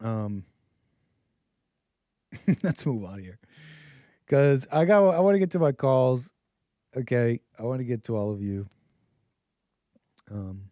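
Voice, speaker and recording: A man's voice: medium pitch, dark tone, dry recording. An American man hosting a livestream call-in show, talking in a sarcastic, mocking way. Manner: sarcastic, mocking quoted voices.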